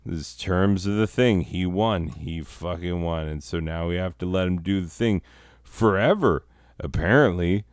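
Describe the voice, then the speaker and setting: Deep, slow, profane man ranting. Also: clear, resonant tone, no room sound, studio quality. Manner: profane, rambling, self-interrupting. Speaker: podcast host. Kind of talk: profane comedic rant.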